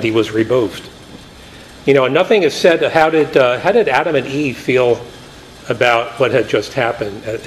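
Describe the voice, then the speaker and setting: A man's voice: medium pitch, a little hiss or hum, poor audio. A man preaching a Bible study sermon in a conversational way, paraphrasing scripture and acting out the quotes with energy.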